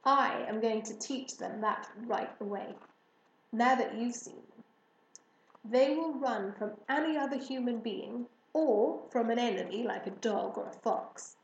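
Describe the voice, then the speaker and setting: A woman voicing a wise, magical mother hare who speaks calmly and reassuringly, in a slow, echoey room. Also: a little high, far from the mic, muffled recording.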